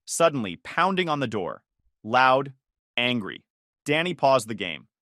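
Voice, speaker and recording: A man reading a first-person story with dramatic delivery. His pitch moves up and down a lot, and the sound is dry and close. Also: big pitch swings, unhurried, a bit bright, no room sound. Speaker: narrator.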